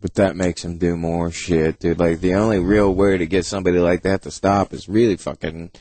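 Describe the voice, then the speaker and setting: A man hosting a casual chat, asking laid-back, halting questions. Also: low voice, steady tone, a little mellow, no room sound.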